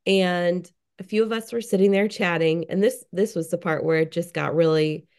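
Brief: woman guest, gravelly vocal fry, earnest and admiring, casual talk on a group call. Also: lowish voice, fairly even intonation, moderate pace, darkish tone.

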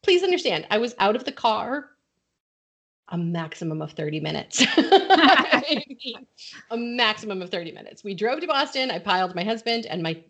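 A woman's voice: medium pitch, big pitch swings, moderate pace, fairly bright tone. A middle-aged woman from Connecticut hosting a podcast, telling a story in casual chat and laughing often. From Connecticut, USA. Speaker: podcast host.

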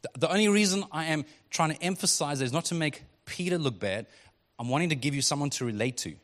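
Heard through a long hall reverb, a fairly high-pitched male pastor delivers his sermon conversationally and at ease. Between scripture readings, he slips into brief, acted quotations.

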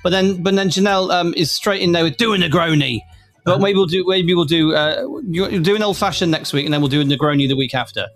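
A man's voice: on the high side, quick pace, a bit bright. A man co-hosting a casual podcast chat, teasing and laughing often. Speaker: podcast co-host.

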